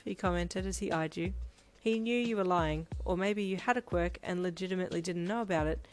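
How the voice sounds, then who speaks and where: A woman's voice: on the low side, fairly quick. A woman narrating a fan story aloud in second person, reading steadily. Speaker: fanfiction reader.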